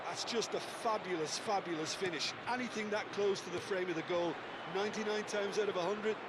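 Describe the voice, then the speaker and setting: A man voicing a calm, analytical color commentator in a football video game. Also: high-pitched, lightly acted. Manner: measured, analytical. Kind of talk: scripted sports commentary. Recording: game audio under stream noise.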